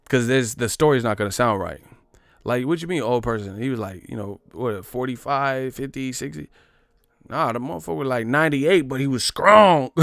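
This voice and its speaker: A man's voice: medium pitch, creaky, fairly bright tone, no room sound. A man telling a profane, rambling comic story in casual slang. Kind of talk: casual comedic storytelling monologue.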